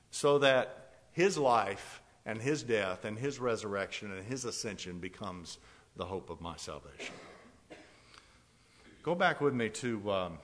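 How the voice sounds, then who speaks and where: A male preacher delivering a fervent sermon, repeating phrases and swinging between loud declarations and soft, pleading asides. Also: on the low side.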